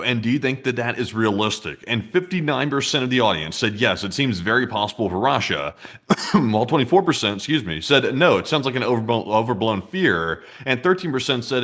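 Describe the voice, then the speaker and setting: A man co-hosting a casual news commentary show, reading out poll results and giving his view. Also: mid-range voice. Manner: relaxed, chatty, reads poll results. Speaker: co-host.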